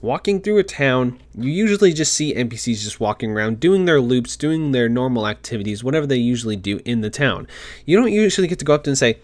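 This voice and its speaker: Male gaming commentator, mid-range voice, excitable and gushing, quick with restarts. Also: mid-range voice. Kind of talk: reading a game article aloud with commentary.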